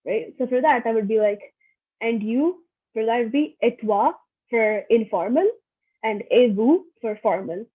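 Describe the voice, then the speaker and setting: A woman's voice: fairly high pitch, lively intonation, measured pace, breathy edge. A young woman giving a casual online French lesson, chatty and repeating each phrase for practice. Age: young adult. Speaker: French workshop teacher. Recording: thin phone-like audio.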